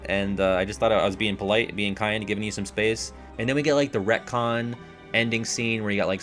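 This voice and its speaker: A young man in casual reaction chat about a video game, rambling and excitable, laughing often. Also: fairly low pitch.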